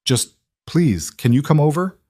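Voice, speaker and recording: A man reading the lines of an anxious young businesswoman in a secret romance, in a soft pleading manner. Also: a little high, sing-song, a little slow, dry recording, studio quality, voice pushed up.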